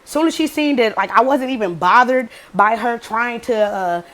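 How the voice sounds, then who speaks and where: A woman's voice: a little high, moderate pace. A young adult woman vlogger casually telling a story, cursing freely and acting out quotes. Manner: profane, animated storytelling with acted quotes.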